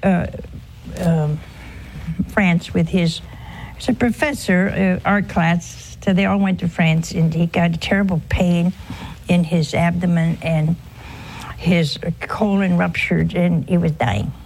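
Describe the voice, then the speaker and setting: A woman in an informal religious broadcast, telling a story earnestly and with emphasis, sometimes dropping to a hushed voice. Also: on the low side, fairly even intonation, takes it slowly, a little hiss or hum. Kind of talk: informal spiritual talk with a story.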